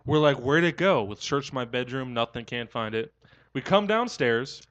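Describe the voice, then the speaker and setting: A young man co-hosting a loose, casual podcast. He tells his story in an animated way and acts out the quoted dialogue as he goes. His pitch sits in the middle range for a man. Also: moderate pace, highs cut off. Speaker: podcast co-host.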